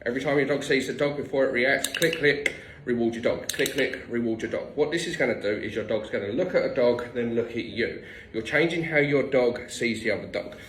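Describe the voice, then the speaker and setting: A man's voice: medium pitch, a bit bright, roomy sound, low-quality recording. A man working as a dog trainer, giving blunt, no-nonsense instructions with the odd swear word. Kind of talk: direct instructional tips.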